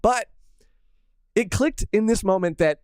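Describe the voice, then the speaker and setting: A man's voice: high-pitched, unhurried, a little mellow, smooth, no room sound. A man co-hosting a podcast in casual chat, laid-back, saying "dude" often and laughing easily. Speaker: podcast co-host.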